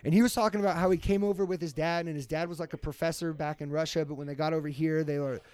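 A man with a high, light voice spins a rambling story, swearing freely and jumping into the voices of the people he quotes. He is close to the mic in a dead, dry room. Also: steady tone, fast, darkish tone, clear, resonant tone, no room sound. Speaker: podcast host. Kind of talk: casual storytelling chat.

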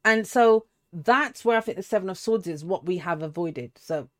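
A woman's voice: fairly low pitch, animated, moderate pace. A woman, giving a casual, rambling tarot reading full of asides and restarts. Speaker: tarot reader.

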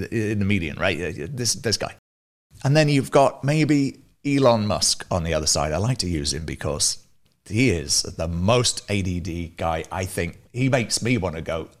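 Lively, low-voiced man on a call. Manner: animated, restarts often, laughs between points. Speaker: guest, music service founder. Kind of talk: casual interview chat. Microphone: video call.

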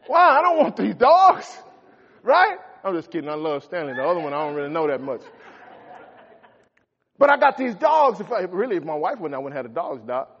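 A middle-aged man preaching a folksy sermon as a pastor, swinging between shouts and quiet asides. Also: sits high, sing-song, a little fast, husky. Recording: echoey hall, dull lo-fi sound.

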